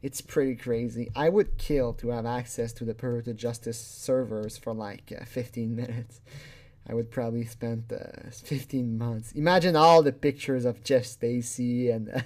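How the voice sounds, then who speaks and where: A man's voice: mid-range voice, fairly even intonation, normal speed, darkish tone. Chuckling man giving rambling commentary. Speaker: channel host. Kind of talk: casual video commentary.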